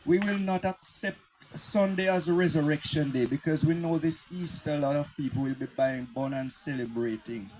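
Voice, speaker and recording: A man with a fairly high voice joins the talk with a slow, earnest comment. He hesitates and fills gaps as he goes. Steady hiss sits under his voice on the line. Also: low-quality recording. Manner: measured, earnest, with hesitant fillers. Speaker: call participant. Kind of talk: sermon comment.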